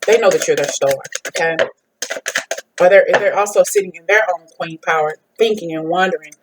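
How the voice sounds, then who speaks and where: Lady doing a tarot reading to camera, kinda low voice, blunt, swears a lot, keeps repeating herself. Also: a little fast, background noise. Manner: blunt, repetitive, swears freely. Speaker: tarot reader and psychic medium.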